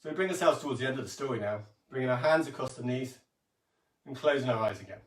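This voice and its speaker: A man leads a calm, gentle yoga and breathing session, talking through each stretch and reading a story in between. He sits back from the camera mic, so his voice comes across distant in an echoey room. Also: mid-range voice, fast. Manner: calm, gentle instructions with soft hums. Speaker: yoga teacher. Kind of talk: guided kids' yoga and storytelling.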